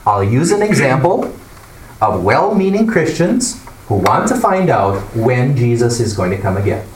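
Man leading a Bible study, lively pitch, echoey room, mic far off, faint hiss. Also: normal speed. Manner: animated, explanatory, asks the class questions. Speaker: Bible class teacher. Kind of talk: classroom teaching.

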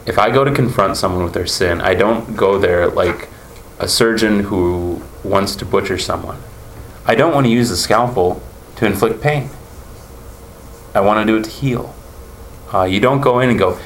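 In an echoey room with faint noise behind him, a man with a fairly low voice teaches a Bible lesson at a moderate pace. He's earnest and conversational, explaining points and questioning the class.

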